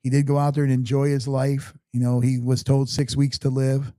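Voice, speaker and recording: A middle-aged man, a guest on an interview show, tells a personal story with halting restarts and frequent fillers. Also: medium pitch, monotone, dark tone, dry recording. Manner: halting, repeats words, many "you know"s.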